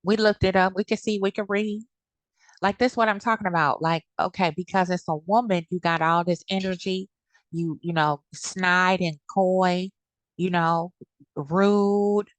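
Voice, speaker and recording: A woman's voice: fairly low pitch, fairly even intonation, normal speed, dry recording. Blunt, profane woman vlogger. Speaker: commentary vlogger. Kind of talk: casual reaction commentary.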